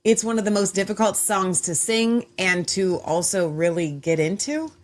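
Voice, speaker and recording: A woman's voice: medium pitch, normal speed. A woman hosting her own show, talking in a chatty, rambling way with frequent restarts. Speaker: host. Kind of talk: casual chat.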